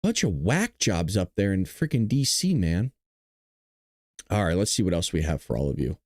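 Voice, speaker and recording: A man hosts a political commentary show and speaks bluntly, swearing freely. His pitch swings widely as he goes. The sound is close and dry. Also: normal speed, dry recording. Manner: blunt, profane, animated. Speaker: host.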